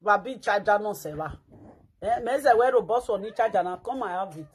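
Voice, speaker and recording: A woman's voice: medium pitch, animated, fairly quick, slightly rough. A woman with a Nigerian Pidgin accent giving dramatic, mocking commentary, breaking into chants and mock cries.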